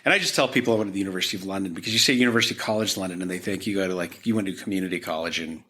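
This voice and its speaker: A man's voice: deep voice, very fast, pushed and bright. A man from Utah, a gallery owner, guest on a podcast, telling his story in a rambling way full of fillers and restarts. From Utah, United States. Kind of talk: conversational storytelling.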